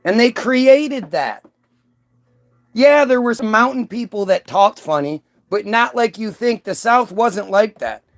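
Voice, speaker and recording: A man's voice: sits high, lively intonation, measured pace. A man hosting a profane, rambling rant monologue, full of restarts and swearing. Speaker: host.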